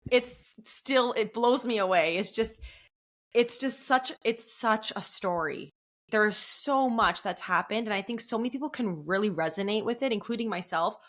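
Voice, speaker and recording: Woman, podcast host, mid-pitched, encouraging and affirming in conversation. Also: sharp tone. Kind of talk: interview conversation.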